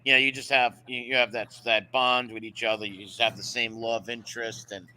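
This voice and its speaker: A man's voice: mid-range voice, level tone, a little fast, bright, forceful tone, slight background noise, rough recording. A man in a casual chat, talking about animals in an earnest, heartfelt way with many fillers. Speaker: guest.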